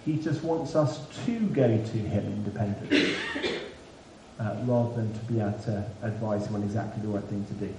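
Conversational preacher in an echoey hall. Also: male voice, lowish voice, normal speed. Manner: conversational, self-deprecating humour. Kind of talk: sermon. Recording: echoey room, mic at a distance, faint background hiss.

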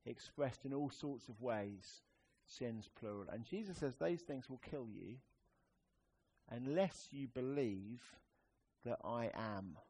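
Conversational preacher man with lively emphasis. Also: mid-range voice, takes it slowly, breathy edge. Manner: conversational, wry, with sudden emphatic rises and quiet drops. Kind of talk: sermon.

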